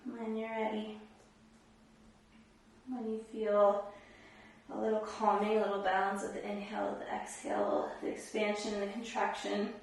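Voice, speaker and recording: A woman yoga instructor guiding a class, giving calm, encouraging cues paced with the breath. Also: medium pitch, normal speed, long pauses, far from the mic. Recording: very echoey room, voice from off the mic.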